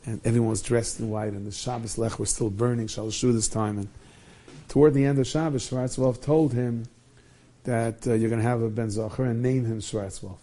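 Dark-voiced man telling a story. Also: medium pitch. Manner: animated storyteller, Yiddish and Hebrew words. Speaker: rabbi and storyteller. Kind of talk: storytelling talk.

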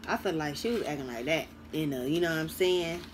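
A woman's voice: deep voice, brisk, noisy background. A woman casually commenting on a video she is watching, sassy and chatty, laughing often. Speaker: reaction video host.

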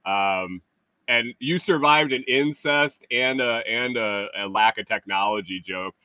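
A middle-aged man hosting a casual live stream, reading chat comments aloud and teasing viewers with chuckles and halting restarts. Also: mid-range voice, pushed and bright, no room sound.

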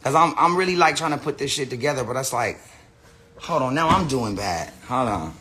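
A man's voice: medium pitch, animated, a little fast, noisy background. A man ranting unscripted to his viewers, profane and rambling, often restarting his sentences. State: says he is high. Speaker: person telling his side of a story.

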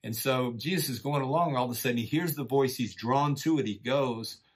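A middle-aged man teaching a church lesson in a relaxed, folksy way, encouraging listeners and often saying "man" and "you know.". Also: mid-range voice, a little fast, breathy edge. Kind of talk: casual conversational sermon.

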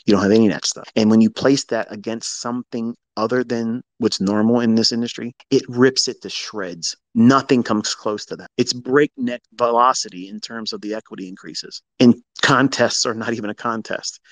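A man's voice: mid-range voice, fairly even intonation, moderate pace, hardly any pauses, no echo. A man teaching trading in a live audio room, talking bluntly and with profanity, often rising into heated outbursts. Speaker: trading educator.

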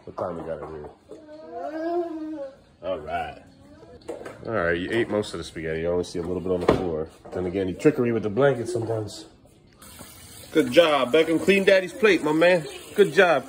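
Playful dad chatting at home. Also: male voice, lowish voice, fast talker, long pauses, crowd noise. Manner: playful, sing-song talk to his kids. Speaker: father and family vlogger. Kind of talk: casual home vlog chat with his children. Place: home kitchen.

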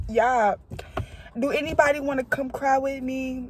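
A woman's voice: high voice, fairly even intonation, unhurried, noisy background. Tearful, rambling young woman in a car. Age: 20s. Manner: rambling, emotional, blunt and profane. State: tearful, crying on and off. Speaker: vlogger. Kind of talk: casual vlog monologue. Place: inside a parked car.

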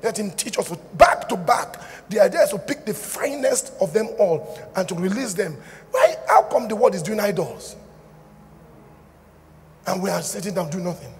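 Animated pastor, high gravelly voice. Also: male voice, normal speed. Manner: animated, jokey, shouts and acts out dialogue. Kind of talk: sermon. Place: large church hall. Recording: hall reverb with faint ambience.

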